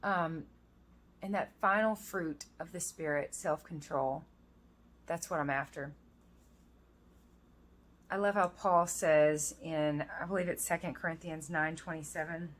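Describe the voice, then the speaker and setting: A woman's voice: deep voice, steady tone, unhurried, long pauses. A woman in her thirties talking casually and earnestly to her viewers, reading scripture verses aloud. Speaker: vlogger. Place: outdoors in the rain.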